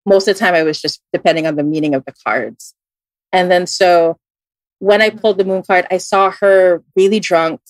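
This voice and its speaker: Woman, Filipino accent, lowish voice, chatty storytelling, lots of "like", dry close sound. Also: normal speed, dry recording. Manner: animated, acts out quoted voices with big jumps in pitch; many fillers like "like" and restarts. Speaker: tarot reader guest. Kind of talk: casual storytelling in a podcast interview.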